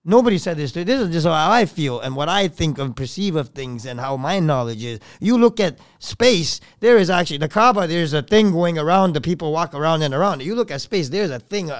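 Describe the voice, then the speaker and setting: A man's voice: fairly high pitch, smooth, dry recording, studio quality. A man speaking as a podcast guest, rambling through an emotional story, swearing often, his voice swelling and dropping with feeling.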